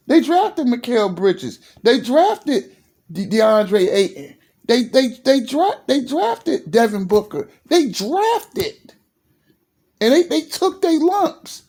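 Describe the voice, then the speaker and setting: A man from Virginia ranting in a sports vlog, fired up and repeating himself, sometimes dropping low and emotional. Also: big pitch swings, slow, darkish tone. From Virginia, USA. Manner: fired-up and repetitive, stumbles over restarts; drops low and emotional at times. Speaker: sports commentary vlogger.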